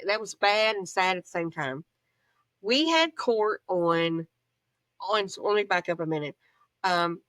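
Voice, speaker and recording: Low-voiced woman telling her story. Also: a bit bright, no room sound. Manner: plain-spoken, storytelling with reported speech. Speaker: interview guest, bereaved mother. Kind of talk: emotional personal account.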